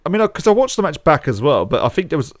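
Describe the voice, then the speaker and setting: A man's voice: fairly high pitch, big pitch swings, rapid-fire, no echo, clean studio sound. A man co-hosting a wrestling podcast in a laid-back casual chat. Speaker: podcast co-host.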